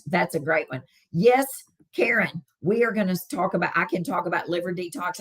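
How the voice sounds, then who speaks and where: A middle-aged woman with a Southern US accent, hosting a casual wellness live stream, chatting with viewers and answering their comments with many fillers. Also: low-pitched.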